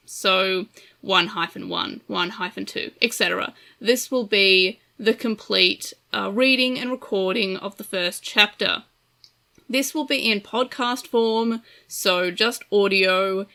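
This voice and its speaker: A woman's voice: a little high, gravelly, sharp tone. A woman with an Australian accent, talking casually as the host of a podcast, chatty and self-deprecating.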